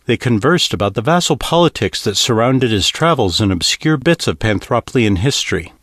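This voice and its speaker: Expressive male audiobook narrator. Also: medium pitch, normal speed, no echo, clean studio sound.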